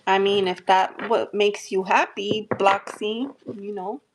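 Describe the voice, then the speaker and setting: Woman, light New Jersey accent, unhurried, gentle reassuring livestream talk, lots of fillers. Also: mid-range voice, fairly even intonation, noisy background. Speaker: tarot reader hosting a livestream. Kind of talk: live-stream chat and readings.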